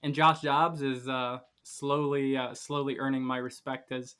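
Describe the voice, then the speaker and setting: A man's voice: mid-range voice, level tone, a little slow, bright, forceful tone, clear, resonant tone. A man co-hosting a casual sports podcast, teasing and ribbing the other hosts. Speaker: podcast co-host.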